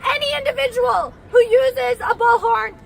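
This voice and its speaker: A woman's voice: very high voice, normal speed, vocal fry, slight background noise, low-quality recording. A woman organizer giving urgent directions to a crowd at an outdoor protest. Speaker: rally organizer. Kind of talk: announcing at a protest rally. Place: outdoor campus green.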